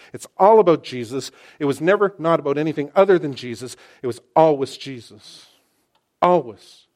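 A pastor in his sixties preaching a sermon, swinging between loud exclamations and hushed asides and repeating phrases for emphasis. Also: fairly high pitch.

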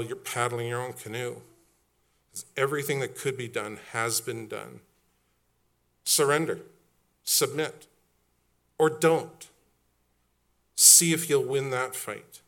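Bright-voiced pastor preaching a sermon. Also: male voice, mid-range voice. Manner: conversational storytelling, building to emphatic repeated questions. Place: church.

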